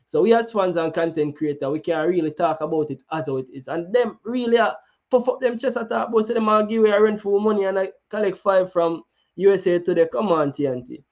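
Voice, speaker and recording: A man's voice: sits high, fast, a little mellow, lo-fi sound. A man with a Jamaican accent hosting a football talk show, chatting casually and slipping into patois with many restarts. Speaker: football channel host. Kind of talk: casual chat.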